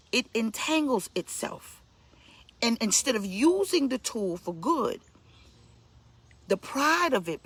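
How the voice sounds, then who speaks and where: Emphatic New woman preacher, breathy voice. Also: fairly bright tone, no echo. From Brooklyn, New York. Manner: blunt, emphatic, scolding, with sudden pitch leaps. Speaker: pastor. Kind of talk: preaching sermon.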